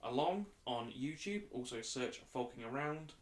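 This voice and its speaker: A man's voice: mid-range voice, lively intonation, normal speed. A man co-hosting a casual podcast, teasing his co-host with wry remarks while reading out the sign-off details. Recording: echoey room.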